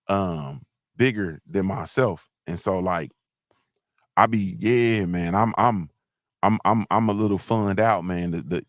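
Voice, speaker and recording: Blunt grumbling man, low voice. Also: no room sound, studio quality. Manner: blunt, grumbling, repeats himself, talks to chat. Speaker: livestream host. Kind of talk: casual livestream chat.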